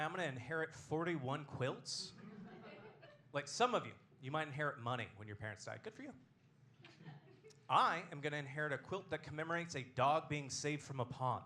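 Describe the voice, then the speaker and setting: A man hosting a comedy show, doing a stand-up set with a deadpan, self-deprecating delivery on a club stage. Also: on the high side, a little hiss or hum.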